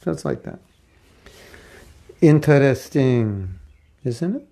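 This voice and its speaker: Man, spiritual teacher, lecture class, conversational, gravelly, warm. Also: mid-range voice, normal speed. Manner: conversational, rhetorical questions, acts out quotes.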